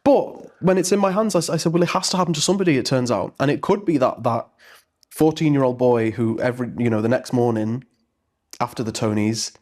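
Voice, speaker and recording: Speaking slightly fast in a medium-pitched, faintly mellow voice, the Merseyside actor reflects earnestly during a relaxed interview. He frequently stops and begins again.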